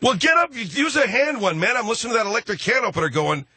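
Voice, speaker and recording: A man's voice: very high voice, animated, quick pace, pushed and bright, heavily acted. A man playing an impatient, pushy guy who nags a priest in an exasperated way. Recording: dull lo-fi audio with faint noise.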